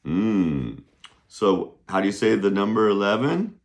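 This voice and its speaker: A male Chinese teacher running a playful classroom lesson, humming little tunes between steps and drilling words slowly. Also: lowish voice, big pitch swings. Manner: slow, drawn-out pronunciation drills.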